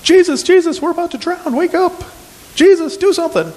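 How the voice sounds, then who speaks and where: A man voicing panicking disciples in a storm, pleading in a frantic, high-pitched voice. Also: lively intonation, brisk, a little mellow, in a large hall. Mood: panicked. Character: panicking frightened male fishermen disciples.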